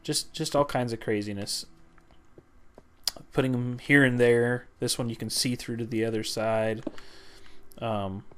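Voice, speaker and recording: A man's voice: mid-range voice, measured pace, pauses often, clear, resonant tone. Male gaming host, casual commentary, laid-back with fillers. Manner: relaxed, explains to viewers with many fillers.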